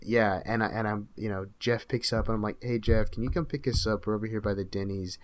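A man's voice: lowish voice, steady tone, brisk. A young man, a podcast co-host, animatedly telling a story in casual chat and quoting his friends.

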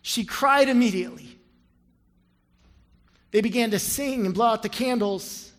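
A man preaching a sermon as pastor, telling a story and leading prayer, building from quiet storytelling to loud impassioned appeals. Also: extremely high pitch, unhurried, big-room sound. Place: large church sanctuary.

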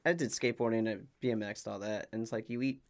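A man's voice: fairly low pitch, steady tone. A young man co-hosting a podcast who chimes in casually and corrects his friends' version of a story. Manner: quick interjections, corrects friends' details. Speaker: podcast co-host. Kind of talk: casual chat.

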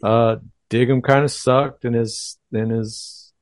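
A man's voice: mid-range voice, fairly even intonation, slow, no echo. A man co-hosting a casual podcast chat, blunt and opinionated in an offhand way. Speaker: podcast co-host.

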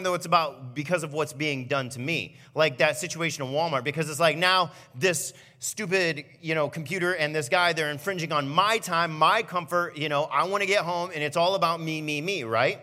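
A man, a student pastor, giving a sermon with animated, self-mocking personal stories. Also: fairly high pitch, big-room sound. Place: church auditorium.

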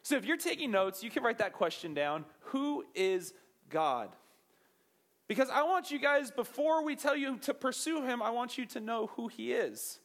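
A young man giving an energetic, joking sermon as a pastor, asking the audience questions. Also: extremely high pitch, moderate pace. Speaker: youth pastor.

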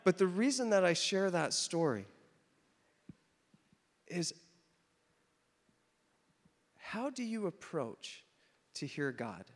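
A man preaching a sermon, telling a story with animated emphasis, then leading communion. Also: high voice, slow pace, pauses often. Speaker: pastor. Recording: long hall reverb.

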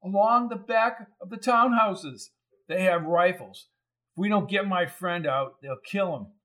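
A man's voice: sits high, measured pace, bright, forceful tone, pitched above the performer's own voice. A man voicing a frightened woman caught up in union corruption, earnest and worried, for an audiobook. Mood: urgent.

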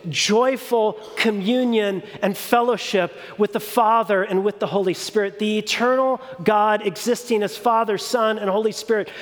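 High-voiced man preaching slowly in a hall. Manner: deliberate, emphatic, with repeated phrases. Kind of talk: sermon. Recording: long reverb of a large hall.

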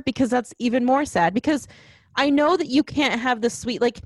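Woman ranting about a movie, kinda high voice, dry close sound. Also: normal speed, dry recording. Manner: ranting, animated, acts out quotes. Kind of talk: casual chat.

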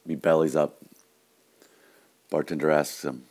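A man's voice: extremely low pitch, moderate pace, gravelly, pauses often. A man hosting his own podcast, telling a dry bar joke and then chatting casually to his listeners. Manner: deadpan joke telling, yelling the customers' lines. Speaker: podcast host.

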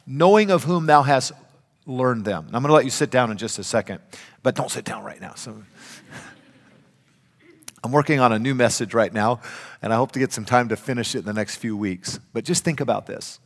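An older man preaching a sermon, emphatic, swinging between loud and hushed. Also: medium pitch, a little fast, vocal fry, long pauses. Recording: reverberant hall.

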